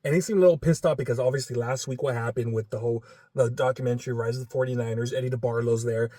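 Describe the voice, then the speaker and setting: A man's voice: medium pitch, steady tone, racing, mellow, dry recording. A man co-hosting a casual sports chat, ranting bluntly and heatedly. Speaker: podcast co-host.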